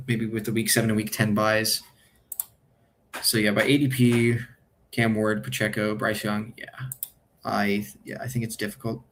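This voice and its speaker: A man's voice: on the low side, a little hiss or hum. A man streaming his fantasy football draft, thinking aloud in a casual, hesitant way and correcting himself as he goes.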